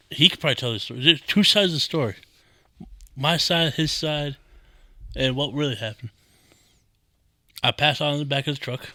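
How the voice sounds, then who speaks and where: A man co-hosting a casual podcast in a very forceful, sharp, bright voice. The sound is close and dry with no room echo. He tells rambling stories and laughs easily. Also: mid-range voice. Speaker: podcast co-host. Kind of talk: casual chat.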